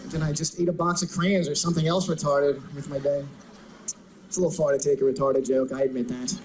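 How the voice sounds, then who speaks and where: Man, stand-up comic, conversational, asks the audience, high pitch, noisy club sound. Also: level tone, fairly quick. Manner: conversational, asks the crowd questions. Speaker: stand-up comedian. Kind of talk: stand-up routine.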